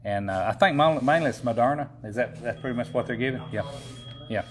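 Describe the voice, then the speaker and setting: A man's voice: mid-range voice, fast, slight background noise. A man, a county executive giving a casual public update, folksy and rambling with lots of fillers.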